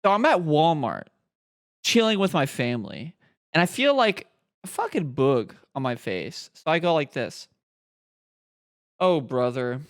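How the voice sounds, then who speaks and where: Lively young man telling a crude story. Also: a little high, normal speed, no room sound, studio quality. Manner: animated storytelling, swearing often. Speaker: podcast co-host. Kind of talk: casual chat.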